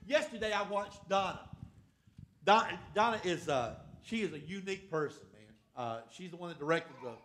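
A man's voice: high voice, expressive, normal speed, a bit bright, slight background noise. An older man preaching a sermon, emphatic and calling on the congregation for amens.

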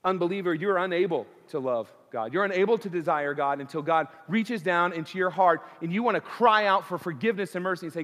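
A man preaching in a church sanctuary, his fairly high voice carrying a long reverb through the hall. He speaks with earnest conviction and stacks repeated phrases as his intensity builds. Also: fairly quick, few pauses, fairly bright tone. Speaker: pastor. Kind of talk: sermon.

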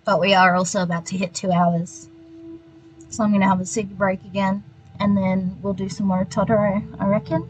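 Aussie woman streaming a game, chatting with viewers, mid pitch, bit of game music in the back. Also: level tone, normal speed, low-quality recording. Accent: Australian. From Australia. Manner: chatty, muttering reactions to the game, laughs easily. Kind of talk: casual gameplay chat with live viewers.

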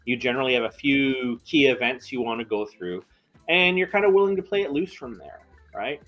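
A man's voice: mid-range voice, animated, a little fast, muffled recording. Guy with dry wry humor chatting about running games, faint music behind. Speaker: game designer on a publisher's stream. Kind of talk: casual chat.

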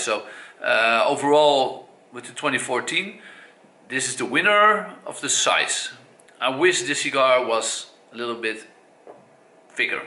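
A man's voice: medium pitch, pushed and bright. A man with a Dutch accent giving a casual spoken review, hesitant with many fillers and self-corrections. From Netherlands. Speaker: cigar reviewer. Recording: echoey room.

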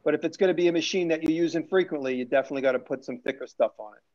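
A show host and maker rambles through a casual live-stream chat, full of restarts and fillers. His voice is on the high side and a little mellow, and he races along. The stream audio is lo-fi.

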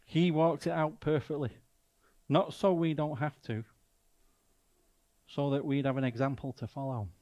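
A man's voice: a little high, steady tone, a little slow, pauses often, mellow, muffled recording. A man with a Mancunian accent preaching a sermon as a guest speaker, emphatic and full of rhetorical questions.

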